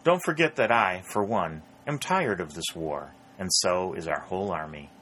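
A man's voice: deep voice, lively intonation, moderate pace, a bit bright, slight background noise, poor audio. A man reading the lines of a proud, grandiloquent Confederate officer in a storybook, with lofty, ornate speech. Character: proud Confederate lieutenant colonel, grandiloquent and stubborn.

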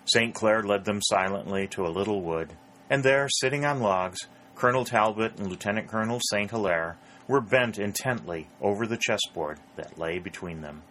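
A man narrating an audiobook in a steady, measured reading. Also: on the low side, slight background noise.

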